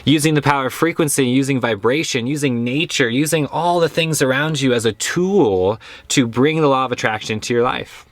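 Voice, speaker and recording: A man's voice: mid-range voice, moderate pace, no echo. A young man, a yoga teacher, giving a casual and earnest spiritual talk, repeating phrases for stress.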